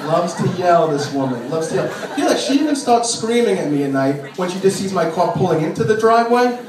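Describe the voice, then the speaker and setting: A man doing a stand-up comedy set in a club, complaining about his nagging wife and mimicking her in shrill, exasperated bursts. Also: big pitch swings, a little fast. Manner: exasperated, shrieking put-upon impressions of his nagging wife. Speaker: stand-up comic. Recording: roomy club from a distant mic, noisy. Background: crowd laughter.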